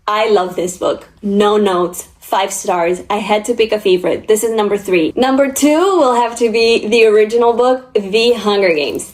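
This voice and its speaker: A woman's voice: mid-range voice, darkish tone. A young woman vlogging about books, talking in a chatty, gushing and emotional way. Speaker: book vlogger. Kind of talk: casual chat.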